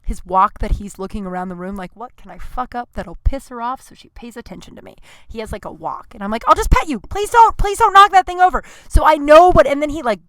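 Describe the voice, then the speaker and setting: A woman hosting a casual solo podcast, telling stories in a profane, animated way with sudden loud outbursts. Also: mid-range voice, dry recording. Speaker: podcast host.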